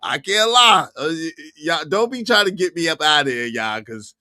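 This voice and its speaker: An excitable man hosting a reaction livestream, laughing and repeating himself as he talks to his chat. His voice is bright and forceful, and the sound is close and dry with no room around it. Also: fairly high pitch, moderate pace, dry recording. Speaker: livestream host.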